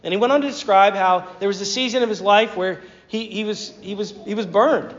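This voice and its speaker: Southern man, pastor, sermon, high voice, rambling storyteller, lots of fillers, dull sound. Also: a little fast. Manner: conversational, hesitant storytelling with many fillers and restarts. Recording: dull sound with long hall reverb.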